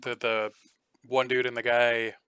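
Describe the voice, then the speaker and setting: A man's voice: mid-range voice, level tone, measured pace, bright, forceful tone, clear, resonant tone, no echo. A man narrating a tabletop game as game master, hesitant with lots of fillers.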